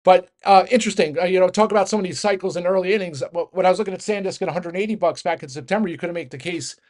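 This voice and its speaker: Fast-talking man ranting about markets. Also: high voice, a little mellow. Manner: rapid, rambling, many restarts and filler. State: out of breath. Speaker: market commentator. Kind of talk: fast casual market rant.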